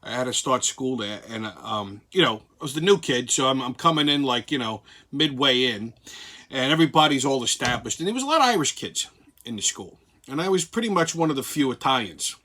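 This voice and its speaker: Middle-aged ny guy hosting his show, brooklyn accent, swears a lot, tough-guy storytelling, punchy bright voice. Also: medium pitch, animated, fairly quick. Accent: New York. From Brooklyn, New York. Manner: brash, profane, swaggering storyteller. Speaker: host. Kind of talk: profane storytelling monologue.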